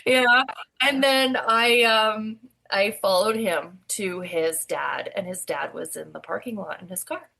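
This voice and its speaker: A woman co-hosting a podcast who tells stories in a lively, laughing way and swears casually. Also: mid-range voice, unhurried, vocal fry. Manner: animated storytelling, laughs often, swears. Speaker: podcast co-host, daycare provider. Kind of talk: casual chat.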